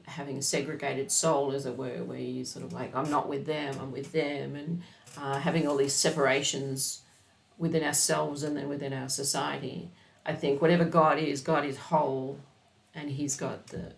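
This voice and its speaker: Middle-aged woman host, deep creaky voice, rambling and thoughtful. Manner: rambling, reflective, searching for words. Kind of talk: casual chat.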